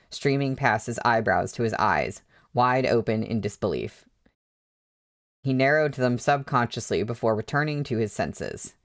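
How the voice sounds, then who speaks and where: Man casually reading a novel aloud. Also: medium pitch. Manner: chatty, hesitant asides with fillers. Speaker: book reader. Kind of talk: casual read-along with asides.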